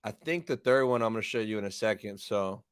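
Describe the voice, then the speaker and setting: A man's voice: on the low side, a little fast, clean tone, dry recording, clean studio sound. A young man hosting a live stream, casually chatting with viewers, reading chat aloud and thanking them.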